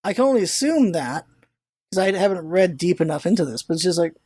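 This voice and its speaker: Casual vlog talk, animated storyteller, stammering restarts, mid pitch, dry sound. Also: quick pace, husky, no room sound. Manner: animated storyteller, swears, retells own thoughts aloud; restarts and stammers when excited. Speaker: vlogger. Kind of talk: casual rambling vlog chat.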